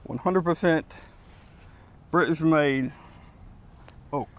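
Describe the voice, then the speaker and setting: Guy doing a fake posh car seller, dead straight face, a bit high. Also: slow. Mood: deadpan boastful. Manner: deadpan prank, bragging with straight face. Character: mock British male car seller, boastful, touchy.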